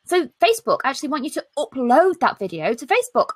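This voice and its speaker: Brash, lively British woman on a video call. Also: high voice, quick pace, no room sound. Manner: brash, lively and jokey, with mild swearing. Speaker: live stream host. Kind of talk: casual live stream chat.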